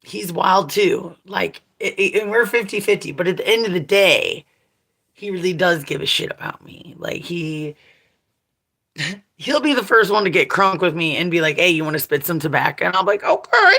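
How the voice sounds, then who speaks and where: Vlogger, woman, 40s: bright voice, crude and candid, rambling chat with frequent laughs. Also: fairly low pitch, normal speed. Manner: profane, blunt, laughs often. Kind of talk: casual rambling monologue.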